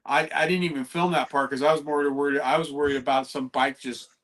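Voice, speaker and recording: A man guesting on a podcast, chatting casually, animated and quick to swear. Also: fairly high pitch, over a noisy crowd. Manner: animated, swears freely, says dude.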